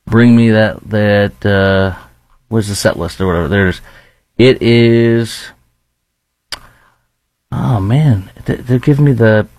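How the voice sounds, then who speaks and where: A man's voice: lowish voice, expressive, unhurried, vocal fry, a little mellow, dry recording. Blunt man with a Chicago accent. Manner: heated, blunt, rambling with restarts. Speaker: commentary show host. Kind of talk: opinionated commentary.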